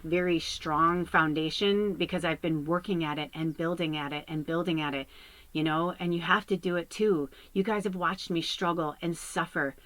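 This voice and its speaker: Female tarot reader and medium, lower-pitched, casual and candid with a frank mouth, earnestly encouraging her audience. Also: no room sound, low-quality recording. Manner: candid and chatty, swears freely. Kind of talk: casual spiritual chat to viewers.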